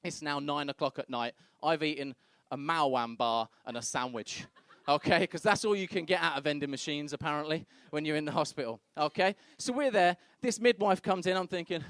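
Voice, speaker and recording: His voice is on the high side and expressive, fairly quick with few pauses, and the clip has no echo. The young comedian brashly tells crude stories onstage, imitating the other people's voices.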